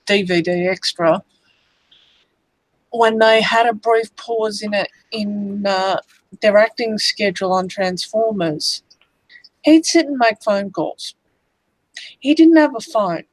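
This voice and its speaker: A woman chatting on a livestream, talking as an enthusiastic fan in an unhurried, thoughtful way. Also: medium pitch, dry recording, rough recording. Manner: slow, enthusiastic fan talk. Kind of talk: casual chat on a livestream.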